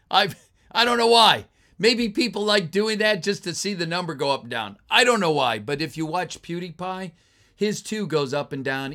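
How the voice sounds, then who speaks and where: A man hosting a casual live stream, chatting with viewers, thanking them and answering their messages with plenty of fillers and sudden excited outbursts. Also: fairly high pitch. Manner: chatty and grateful, with frequent fillers and bursts of excited exclamations.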